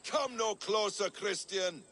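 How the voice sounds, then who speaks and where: An actor playing a menacing male captor who threatens slowly. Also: high voice, a bit bright, slight background noise. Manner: threatening, slow.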